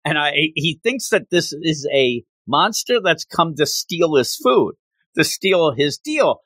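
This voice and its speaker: A man co-hosting a podcast and telling a casual, joking recap of a cartoon episode like an animated storyteller. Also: on the high side, slow, no room sound. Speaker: podcast co-host.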